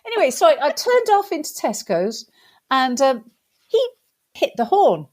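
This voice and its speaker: A woman with a British accent, a guest in an interview, telling a funny story in a lively way and acting out the voices of the people in it. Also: high voice, moderate pace. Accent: British English. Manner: lively animated storyteller, acts out quotes.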